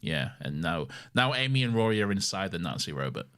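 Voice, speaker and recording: A man's voice: deep voice, very animated, fairly quick, fairly bright tone, clear, resonant tone. A young man co-hosting a fan podcast in casual chat, rambling with lots of ums as he hunts for his notes. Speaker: podcast co-host.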